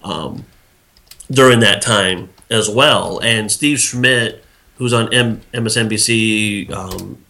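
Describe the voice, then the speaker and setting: A man with a lowish voice and a bright edge gives casual political commentary on a podcast. He rambles, circling back through fillers and half-started phrases as he works out his point. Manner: rambling, many fillers and restarts. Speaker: podcast co-host.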